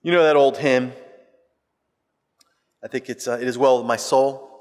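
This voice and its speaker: A man preaching a sermon as pastor, swinging between loud emphatic lines and hushed, quiet ones. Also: mid-range voice, steady tone, normal speed. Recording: reverberant hall.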